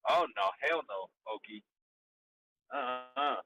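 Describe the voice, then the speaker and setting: A man's voice: medium pitch, lively intonation, slow, bright, forceful tone, dry recording, rough recording. A man hosting a live crypto stream, chatting casually and bluntly, swearing often and retelling phone calls with friends. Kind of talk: casual profane chat.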